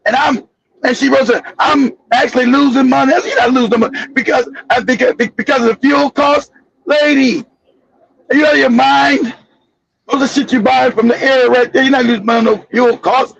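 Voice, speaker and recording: A man hosting a casual chat, telling a long story in an animated, profane way with many restarts. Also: extremely high pitch, brisk, gravelly, husky, lo-fi sound. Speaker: show host.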